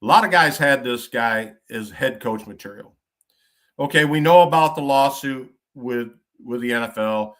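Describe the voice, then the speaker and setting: A middle-aged man from Michigan hosting a casual podcast. He talks bluntly in folksy trucker slang and curses freely. His pitch is average for a man. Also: moderate pace, a bit bright. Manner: blunt storytelling with frequent cursing. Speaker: podcast host.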